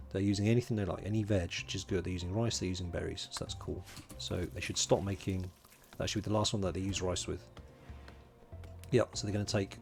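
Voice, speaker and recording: A man's voice: low-pitched, creaky, a little mellow. A man from London, streaming a game, chatting casually, muttering to himself while he plays and greeting viewers in chat. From England (London). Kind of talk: casual livestream commentary.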